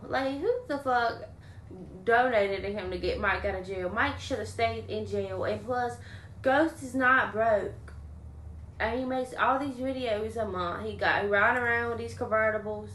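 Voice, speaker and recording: A woman's voice: on the high side, a bit bright, slight background noise. Blunt young woman venting on a livestream. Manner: blunt, venting, swears freely. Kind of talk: casual livestream chat. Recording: roomy echo.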